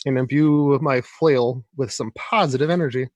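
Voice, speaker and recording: A man plays a tabletop game in a laid-back, unhurried way, humming and searching for words before he acts. His voice sits in a middle register and is recorded dry and close, with no room echo. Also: medium pitch, a little mellow. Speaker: player. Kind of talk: casual tabletop game play.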